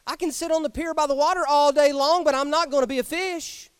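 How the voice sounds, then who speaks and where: A preacher with a high voice speaks fairly quickly through an animated, emphatic Sunday sermon in a church sanctuary, acting out each quoted line. The audio is studio quality with no echo.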